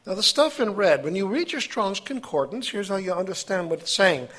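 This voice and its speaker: A man preaching a sermon, reading scripture aloud with his own asides and halting now and then. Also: sits high, lively intonation, fairly bright tone. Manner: halting, with fillers and self-corrections.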